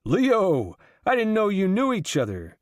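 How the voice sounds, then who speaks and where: A man's voice: very animated, a little mellow, no echo, studio quality. A man doing a gushing, ecstatic literary gent. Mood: delighted. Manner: gushing, drawn-out, high-pitched. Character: effusive, ecstatic erudite man.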